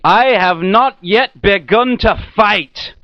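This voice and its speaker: A man voicing a fierce, defiant male ship captain in a storybook reading, giving slow, loud commands. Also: on the high side, very animated, dry recording. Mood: commanding. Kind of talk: storybook character voice. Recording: tinny, thin dry recording.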